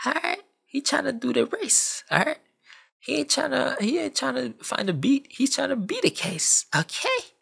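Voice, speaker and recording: A man's voice: very high-pitched, big pitch swings, gravelly, fairly bright tone, voice pushed up, exaggerated voice. A man voicing a boastful young male island hacker who talks in brash, streetwise slang. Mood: pleading. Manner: bragging, streetwise slang, rapid repeats.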